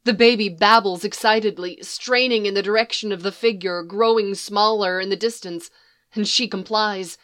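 A woman reading fan fiction aloud in a soft, even storytelling manner. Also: medium pitch, moderate pace. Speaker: reader.

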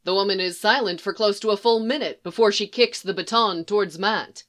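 A woman narrating a fan fiction story in a steady, even storytelling manner. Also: medium pitch, a little fast, few pauses. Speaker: fanfic audiobook reader. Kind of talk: scripted narration.

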